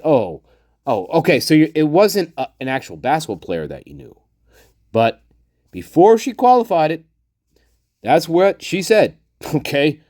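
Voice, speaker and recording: A man's voice: a little high, darkish tone, no room sound, clean studio sound. A man hosting a casual commentary show, speaking bluntly with frequent swearing and chuckles, addressing his viewers directly. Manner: blunt and profane, chuckling often; talks to the viewer and acts out people he quotes. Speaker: host of a true-crime commentary channel.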